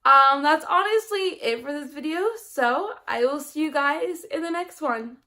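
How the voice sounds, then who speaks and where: Young female book vlogger, high-pitched, casual rambling chat full of fillers. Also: a little slow, bright, forceful tone. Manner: chatty, rambling, many ums and restarts.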